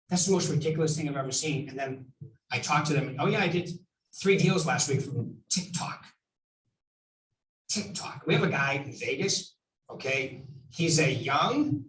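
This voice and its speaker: A man from New Hampshire giving an animated coaching talk to real estate agents, acting out phone scripts. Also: fairly high pitch. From Nashua, New Hampshire. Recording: echoey room, far from the mic.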